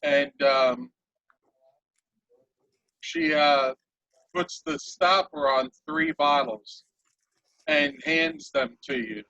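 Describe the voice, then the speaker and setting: A man narrating a tabletop game as game master, unhurried and animated. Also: fairly high pitch, no room sound, lo-fi sound.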